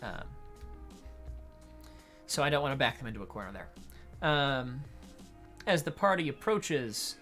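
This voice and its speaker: A man acting as a game master, explaining adventure design in an unhurried tutorial talk while thinking aloud. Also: mid-range voice, big pitch swings, pushed and bright, soft background music.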